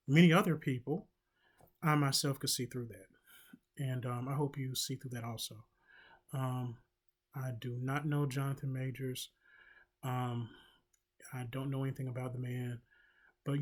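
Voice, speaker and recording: Slow-talking man with halting commentary. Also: mid-range voice. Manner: slow, halting, with many filler ums and wry asides. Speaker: commentary channel host. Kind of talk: casual commentary monologue.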